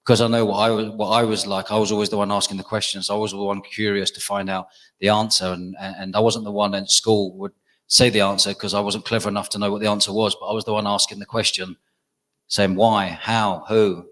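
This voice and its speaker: A man's voice: fairly low pitch, flat delivery, brisk, fairly bright tone, rough recording. A middle-aged man, an entrepreneur, answering panel questions emphatically, repeating key phrases.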